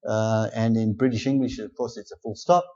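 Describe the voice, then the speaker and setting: A man teaching English grammar in a casual spoken lesson, slow and deliberate, with many pauses and fillers. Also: fairly low pitch, fairly even intonation, mellow. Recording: slightly dull, lo-fi sound.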